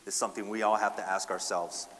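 A man's voice: fairly low pitch, steady tone, fast talker, fairly bright tone, big-room sound, slight background noise. A man preaching a sermon, asking the congregation rhetorical questions and often adding "right?". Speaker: pastor.

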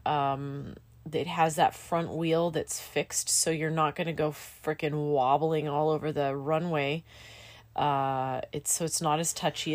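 Her voice is low-pitched. She's a middle-aged woman training as a pilot, and in this relaxed chat she's frank and emotional, peppering her speech with "like" and "dude."

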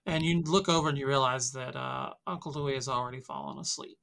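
A woman narrating a tabletop game as game master, descriptive and often pausing on fillers. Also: very deep voice, gravelly, fairly bright tone.

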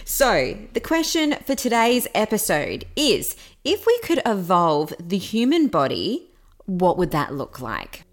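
A woman's voice: mid-range voice, big pitch swings, measured pace. A woman co-hosting a podcast in casual chat, playful and self-mocking and laughing often. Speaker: podcast co-host.

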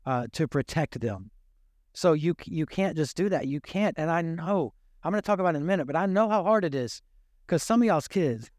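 An older man with a drawl preaches like he's chatting with his congregation, joking and animated as he goes. His voice sits high for a man and comes across smooth and resonant. The sound is dry and close, with no room echo. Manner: conversational, jokey, animated preaching. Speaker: pastor. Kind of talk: sermon.

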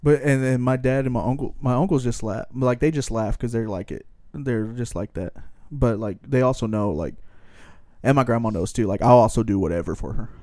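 A man's voice: mid-range voice, fairly quick, dark tone, dry recording. A young man in casual podcast chat, telling rambling stories with swearing and frequent laughs. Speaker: podcast co-host.

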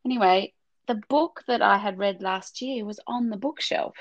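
A middle-aged woman, chatting on a podcast in a heartfelt, meandering way with frequent restarts. Her voice has a gravelly, fry-touched edge. The sound is close and dry, with little room echo. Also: mid-range voice, moderate pace. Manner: tearful, heartfelt, rambling with restarts. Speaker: podcast co-host. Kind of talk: casual faith podcast chat.

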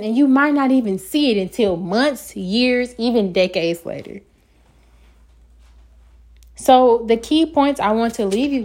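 A woman with a fairly high-pitched voice hosts her own podcast, delivering a motivational self-help talk. She speaks earnestly and encouragingly to her listeners, now and then stumbling over her words and carrying on. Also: a little mellow. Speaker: podcast host.

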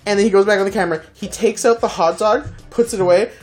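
A podcast co-host telling a story in casual chat, animated, swearing freely and acting out the people in it. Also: mid-range voice, fast, soft background music.

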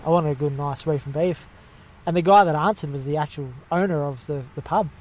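A man's voice: on the high side, fairly quick, darkish tone. Rambling young Australian man, slangy. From Western Australia. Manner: rambling anecdote, laddish slang, fillers. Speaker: storyteller. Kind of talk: casual chat.

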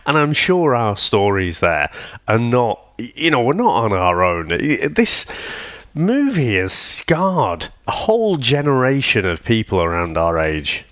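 A man's voice: medium pitch, measured pace, dry recording. Bloke in his 30s telling a story, voice all over the place, dry close sound. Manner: swears freely, animated storytelling, laughs often. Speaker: podcast co-host. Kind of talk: casual chat.

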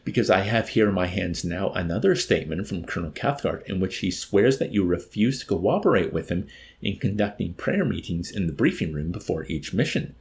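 A man's voice: deep voice, animated, fairly quick, creaky. A man voicing a cold, mocking military officer interrogating a prisoner with nonchalant tartness. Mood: smug.

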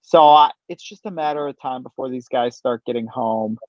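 A man's voice: mid-range voice, normal speed, a little mellow, dry recording. Male co-host, laid-back sports chat, slightly dull dry sound.

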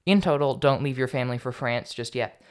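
A man's voice: medium pitch, fairly quick. A young man hosting a solo political commentary podcast, talking casually with a sarcastic edge. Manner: casual, sarcastic, stumbles over foreign names. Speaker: podcast host.

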